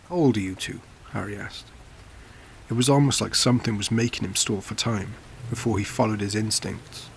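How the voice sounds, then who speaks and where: A man narrating a scripted horror story for a podcast in a measured way, sometimes dropping almost to a whisper. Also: on the low side, gravelly, a little hiss or hum. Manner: measured, dropping to near-whispers on tense lines.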